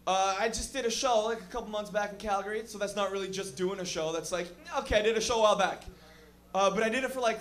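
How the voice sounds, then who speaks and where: With a high, fairly bright voice, a man performs a stand-up comedy set in a lounge. He rambles and swears, leaning on lots of fillers.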